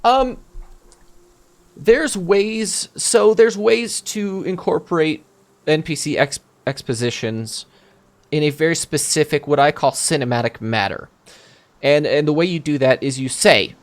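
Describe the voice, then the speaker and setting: A man's voice: on the high side, animated, moderate pace. A man answering viewer questions as a game master in casual chat. He thinks aloud, restarts his sentences, and explains with examples from his own campaign.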